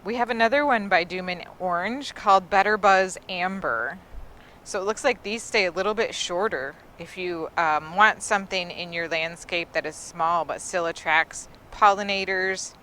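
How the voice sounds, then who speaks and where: A woman's voice: on the low side, normal speed, bright, forceful tone, slight background noise. A woman giving a casual, enthusiastic tour of an outdoor garden, admiring the plants in a chatty way. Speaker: gardening vlogger.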